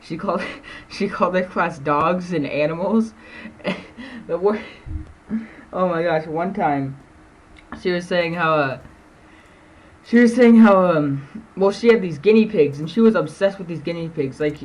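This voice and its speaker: A man's voice: sits high, measured pace, slight background noise, rough recording. A teenage boy telling stories from school to camera in a rambling way, with many fillers and laughs between sentences. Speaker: vlogger. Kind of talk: casual storytelling to camera.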